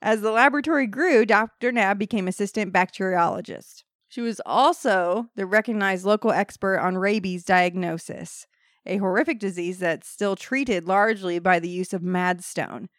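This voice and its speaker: A woman's voice: medium pitch, moderate pace, dry recording, clean studio sound. A woman hosting a podcast, reading a history story from notes and breaking into laughing banter with her co-hosts.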